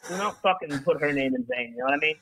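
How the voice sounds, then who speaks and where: A man voicing a brash, foul-mouthed American talent agent calling in, with loud boasts and stammering restarts. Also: a little high, fast talker, husky, poor audio. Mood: sleazy. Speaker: caller.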